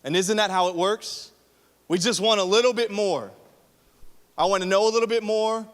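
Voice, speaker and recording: Animated man preaching in a hall. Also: sits high, normal speed, smooth. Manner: animated, joking asides, rhetorical questions, acts out quotes. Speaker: young adult ministry pastor. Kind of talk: sermon. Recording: long hall reverb.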